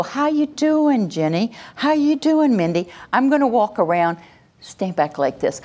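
Workshop presenter: a woman with a low voice who acts out phrases and leads call-and-response. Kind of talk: live workshop talk to an audience.

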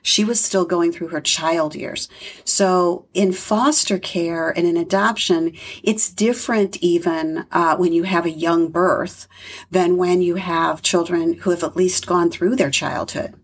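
A woman's voice: fairly low pitch, fairly even intonation, a little slow, breathy edge. A middle-aged woman, a foster parent, speaking earnestly in an interview with many fillers. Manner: earnest, reflective, with frequent fillers. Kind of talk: conversational interview storytelling.

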